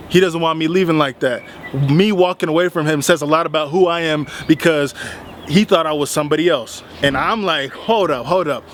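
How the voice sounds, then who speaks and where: A young man tells a story straight to his audience in a casual vlog, talking in a slightly high voice. He gets animated as he retells the argument, and the heat builds as he goes. A faint hiss sits behind him. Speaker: vlogger.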